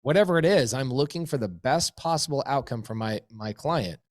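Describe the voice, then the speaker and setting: A man's voice: medium pitch, expressive, fairly quick, no echo, studio quality. A man being interviewed, telling business stories with emphatic repetition. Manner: emphatic, repeats phrases for effect. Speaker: interview guest, real estate investor. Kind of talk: energetic storytelling in an interview.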